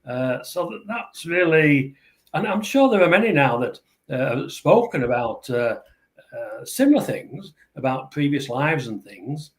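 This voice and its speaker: A man's voice: on the high side, big pitch swings, measured pace. Older Yorkshire man, hesitant. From England. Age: 70s. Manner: hesitant, many filler uhs. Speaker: guest. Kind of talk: podcast interview.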